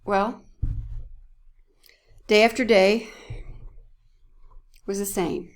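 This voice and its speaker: Woman church speaker, heartfelt devotional, slow delivery, slips into whispers. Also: mid-range voice, fairly even intonation. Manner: emotional, often dropping to a whisper.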